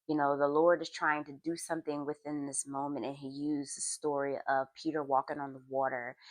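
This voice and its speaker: Female podcast host from Philadelphia, low voice, dry sound, animated storyteller turning earnest. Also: no room sound. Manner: earnest, reflective. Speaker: therapist and faith podcast host. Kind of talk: personal storytelling with faith reflection.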